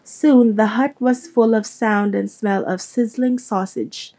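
A woman reading a storybook aloud as narrator, steady and measured. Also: on the high side, a little hiss or hum. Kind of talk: audiobook reading.

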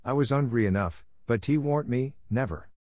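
A man voicing a poor, hungry young servant girl who sobs and talks in rough dialect, in an audiobook. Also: medium pitch, normal speed, darkish tone, no echo, studio quality, pitched above the performer's own voice, lightly acted. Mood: sobbing. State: sobbing.

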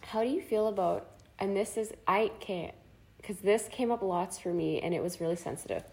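A woman's voice: mid-range voice, moderate pace, darkish tone. A woman co-hosting a podcast who asks careful questions and answers in a supportive way, in casual chat. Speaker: podcast co-host.

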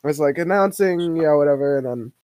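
A young woman co-hosting a podcast, chatting casually and playfully about a TV episode, quick to agree and joke. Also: low voice, warm tone, dry recording. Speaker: podcast co-host. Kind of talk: casual chat recapping a TV episode.

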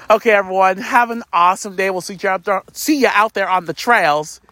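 A young man with a high voice hosts a casual morning show at a camp. He is upbeat, laughs easily, and corrects himself mid-sentence. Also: brisk, pushed and bright. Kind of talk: casual chat.

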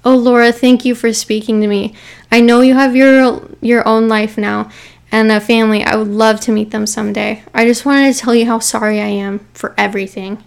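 A woman's voice: fairly high pitch, little pitch movement, moderate pace, creaky, clean tone. A woman voicing a remorseful middle-aged mother who pleads tearfully, breaking off and repeating herself. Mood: pleading.

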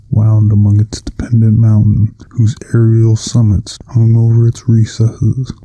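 A man giving a measured, solemn first-person reading of a classic novel. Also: fairly low pitch, warm tone, no echo. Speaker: audiobook narrator.

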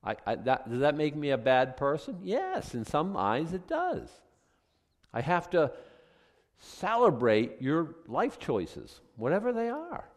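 A male pastor preaches in an animated, conversational way, firing off rhetorical questions. His pitch rises and falls widely as he talks. The voice carries a long reverb from a large church hall. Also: unhurried. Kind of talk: conversational sermon.

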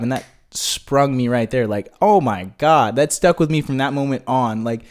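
Young guy, interview guest, relaxed slangy delivery, average pitch, filler-heavy. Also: moderate pace, few pauses. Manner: laid-back slangy talk with many "like" fillers. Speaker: guest, marketing business owner. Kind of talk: casual interview chat.

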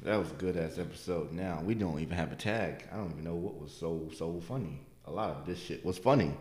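A man co-hosting a podcast in casual comedic chat, loud and animated, joking with bursts of high laughter. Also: a little fast. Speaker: podcast co-host. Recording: roomy echo.

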